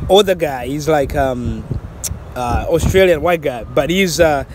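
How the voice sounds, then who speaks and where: A man from Zambia tells a personal story in a loose, chatty way, full of fillers and restarts, and laughs at his own mistakes. His voice sits a little high for a man. Faint outdoor traffic hums behind him. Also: expressive, a little slow. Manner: rambling with frequent restarts and fillers, laughs at himself. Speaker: vlogger. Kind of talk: casual storytelling.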